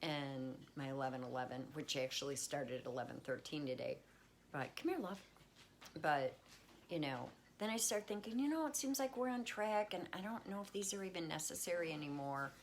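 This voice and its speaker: Low-voiced woman giving a chatty wellness talk. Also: expressive, a little fast, slight background noise. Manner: chatty, reassuring, talks baby talk to her cat. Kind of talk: casual livestream talk. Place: at home with pets.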